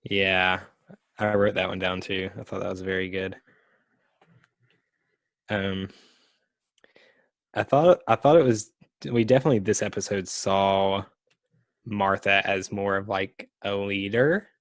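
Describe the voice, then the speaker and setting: Low-voiced guy co-hosting a podcast, laid back, lots of "like" and "um", dry close sound. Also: unhurried, long pauses, dry recording. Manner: relaxed, many fillers, laughs often. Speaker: podcast co-host. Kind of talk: casual chat.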